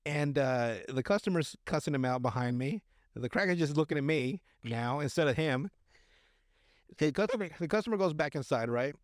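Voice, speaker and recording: A man's voice: on the high side, animated, moderate pace, no room sound, studio quality. A man hosting a podcast, telling a story in casual, crude chat full of fillers and restarts. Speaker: podcast host.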